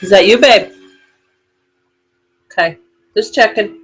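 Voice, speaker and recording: A woman hosting a relaxed live paranormal chat from a room in her home, rambling and chatty. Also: mid-range voice, takes it slowly, husky, low-quality recording. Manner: rambling, chatty, laughs often.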